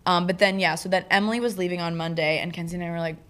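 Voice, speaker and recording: A young woman co-hosting a podcast, telling a travel story in lively casual chat and acting out the people she quotes. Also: on the low side, rapid-fire. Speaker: podcast co-host.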